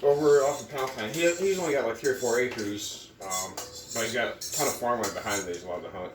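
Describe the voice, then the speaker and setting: Fast, offhand man, mid voice, heard at a distance in a roomy room. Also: medium pitch. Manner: quick, offhand storytelling. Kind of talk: casual chat. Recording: roomy, distant, noisy table recording.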